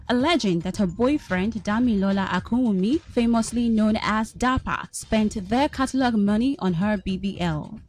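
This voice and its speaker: A woman reading a short entertainment news bulletin in a crisp, steady delivery. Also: on the high side. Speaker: newsreader.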